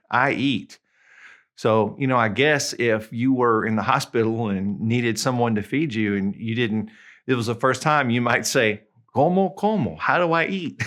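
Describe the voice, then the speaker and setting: A man with a Southern US accent, teaching in a casual video lesson, chatty and friendly, spelling out examples slowly. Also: medium pitch, fairly bright tone. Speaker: Spanish tutor.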